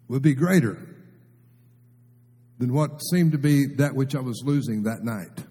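A middle-aged male preacher delivering an emotional sermon, tearful and impassioned, his voice swelling up and dropping down to a hush. The tone is dark and mellow with a husky edge. It rings out with the long reverb of a large church hall. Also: medium pitch, animated, unhurried, pauses often. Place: church sanctuary.

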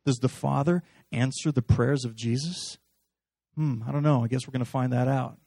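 A man preaching a sermon in a lively, conversational way, acting out little dialogues as he speaks to a live congregation. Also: medium pitch, moderate pace, no room sound. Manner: animated, conversational, acts out dialogue.

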